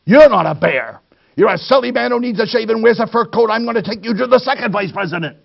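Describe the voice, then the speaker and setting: Man voicing a huffy executive, rattling it off, gravelly. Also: extremely high pitch, lively intonation, muffled recording, voice pushed up, heavily acted. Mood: indignant. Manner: rapid indignant scolding. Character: madder third vice president, man.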